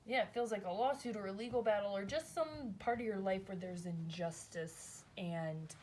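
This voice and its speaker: A woman does a casual tarot reading, musing out loud in a chatty, wandering way and sprinkling in "like" and "right?" a lot. Her voice is medium-pitched and darkish, moving at a normal speed with barely any pauses, over a faint hiss or hum.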